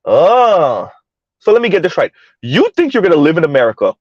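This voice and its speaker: A man's voice: fairly high pitch, very animated, a little fast, no echo, lo-fi sound. A man giving heated, mocking commentary in a ranting style, his voice jumping up sharply for emphasis. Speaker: online commentator.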